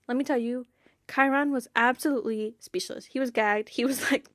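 A woman's voice: fairly high pitch, steady tone, normal speed, no echo, clean studio sound. A young woman hosting a fan podcast, chatting casually in a bubbly, giggly way with lots of fillers. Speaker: podcast host.

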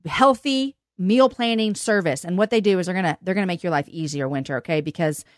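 Animated woman hosting, laughing and flustered. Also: lowish voice, brisk, dry recording, studio quality. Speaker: podcast host. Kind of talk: casual chat. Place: log cabin home in the country.

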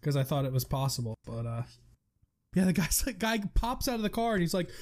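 A man with a notably high speaking voice co-hosts a casual podcast. He tells stories in an animated way, acting out the lines of the people in them. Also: fairly quick. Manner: animated storyteller, acts out quotes. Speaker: podcast co-host. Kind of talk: casual chat.

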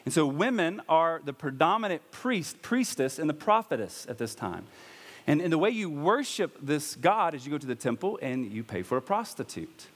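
Pastor preaching in a reverberant church hall. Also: male voice, a little high, sing-song, normal speed. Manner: conversational preaching with bursts of raised emphasis. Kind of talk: sermon.

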